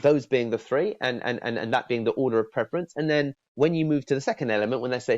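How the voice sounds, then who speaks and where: A man giving a casual sales training talk, stumbling over repeated words and acting out breezy phone lines. His voice sits at a middle pitch. It is recorded dry and a little dull, like a lo-fi room mic. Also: fast, darkish tone, dry recording. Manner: repeats words, acts out friendly phone openers in a lifted voice.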